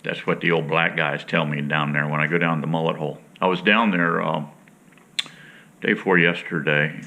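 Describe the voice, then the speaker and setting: A man's voice: extremely low pitch, fairly even intonation, normal speed, gravelly, bright, forceful tone. A middle-aged man who hosts an outdoors show, telling a rambling, folksy fishing story to his viewers in a casual, chatty way.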